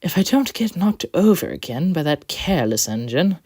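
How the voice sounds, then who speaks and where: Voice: medium pitch, big pitch swings, a little slow, a little mellow, breathy edge, no echo, clean studio sound, pitched above the performer's own voice. A storyteller voicing a prim, offended female passenger coach who talks in a haughty, scornful way.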